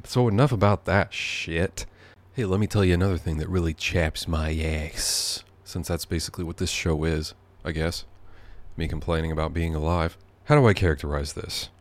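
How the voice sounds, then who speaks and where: A very deep-voiced man hosting a podcast from his living room. He rambles sardonically and swears freely, drifting off into asides as he goes. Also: steady tone, normal speed. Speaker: podcast host. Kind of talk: rambling comedic monologue.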